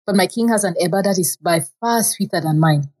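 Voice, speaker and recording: A woman's voice: fairly low pitch, a little fast, a little mellow, slightly rough. A woman storyteller voicing a loyal male hunter from a folk tale, earnest and reassuring.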